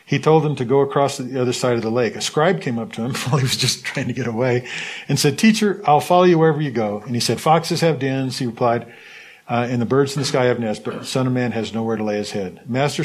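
A man leading a Bible study, reading scripture aloud in a lively way and stopping to comment on it. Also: mid-range voice, quick pace, rough recording. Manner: animated reading, voices the quotes with asides.

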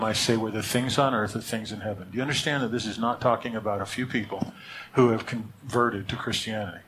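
A man's voice: medium pitch, a bit bright, a little hiss or hum. A man teaching a sermon in a conversational way, often checking in with his listeners and restarting his sentences. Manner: restarts and repeats words. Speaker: pastor.

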